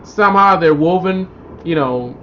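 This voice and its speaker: High-voiced man chatting on a lo-fi livestream. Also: measured pace, a little hiss or hum. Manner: rambling, animated storytelling, reads out viewer comments. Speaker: livestream host. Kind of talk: casual live-stream chat. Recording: dull lo-fi livestream audio.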